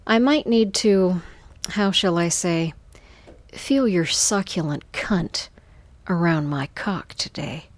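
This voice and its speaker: A woman voicing a smug, domineering male boss who speaks low and seductively. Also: takes it slowly, no echo. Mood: taunting.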